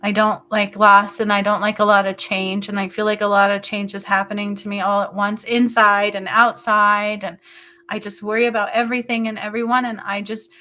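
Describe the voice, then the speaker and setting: Soft-spoken woman with a bright voice. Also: medium pitch. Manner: slow, halting, meandering with many fillers. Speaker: spiritual healer. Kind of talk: intuitive healing session.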